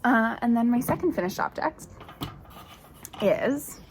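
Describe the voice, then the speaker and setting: This young woman's fairly high, expressive voice moves at a measured pace, with slight background noise and faint birdsong. Hosting a knitting podcast, she talks to the camera in casual show-and-tell style, enthusiastic and rambling with plenty of fillers.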